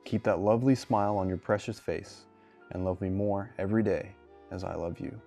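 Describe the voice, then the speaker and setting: A man's voice: low-pitched, steady tone, creaky, faint music behind. A man reading as a tender young soldier. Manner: gentle, measured, affectionate reading. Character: young male soldier writing tender love letters. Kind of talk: reading wartime letters aloud.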